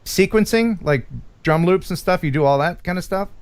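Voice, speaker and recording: Hosting a laid-back live stream, a man from the United States jokes around and reads viewers' comments out loud. His high-pitched voice is clear and resonant, at a normal speed.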